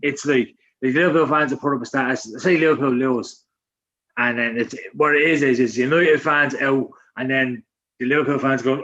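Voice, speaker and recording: A man's voice: medium pitch, fairly even intonation, moderate pace, a bit bright. A man co-hosting a casual football podcast, rambling with lots of fillers and frequent swearing. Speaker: podcast co-host. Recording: dull lo-fi sound.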